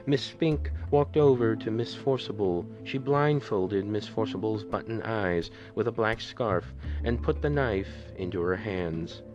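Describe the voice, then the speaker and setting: A man reading a storybook aloud as a podcast narrator, in a measured, steady way. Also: lowish voice. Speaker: podcast reader. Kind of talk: audiobook narration. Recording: dull lo-fi with faint music.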